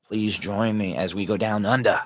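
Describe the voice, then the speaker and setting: Earnest rambling Southern-accented man, lowish voice. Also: steady tone, normal speed, slight background noise. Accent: Southern American. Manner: rambling, earnest, repeats words. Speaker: podcast host. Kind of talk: casual solo talk.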